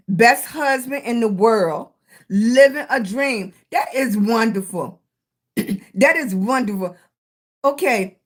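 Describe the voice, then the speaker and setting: High-voiced Southern woman chatting slowly on a livestream. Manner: warm greetings to chat viewers, with terms of endearment; encouraging, motivational. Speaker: livestream host. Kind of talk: casual live-stream chat with viewers.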